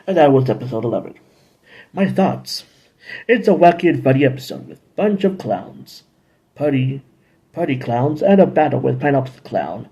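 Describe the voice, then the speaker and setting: A man with a gravelly, husky voice talks through TV episodes in a loose, casual review. He rambles, drifts into playful side comments and hums little tunes as he goes. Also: on the high side, animated, moderate pace, dark tone, muffled recording. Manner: rambling, playful asides and humming.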